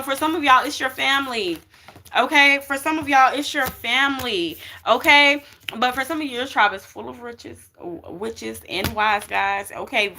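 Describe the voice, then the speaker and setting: A woman's voice: high voice, pushed and bright, a little hiss or hum. A young woman doing a casual spiritual card reading for her viewers, talking emphatically and checking in with "okay" and "y'all" over and over. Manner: chatty, emphatic, keeps saying okay and y'all.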